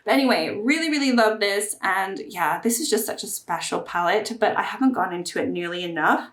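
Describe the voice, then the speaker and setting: A woman's voice: mid-range voice, a little fast, reverberant. A woman reviewing and ranking makeup palettes in a casual chat to camera, chatty and prone to gushing. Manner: chatty, gushing, bursts of excitement. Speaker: beauty YouTuber.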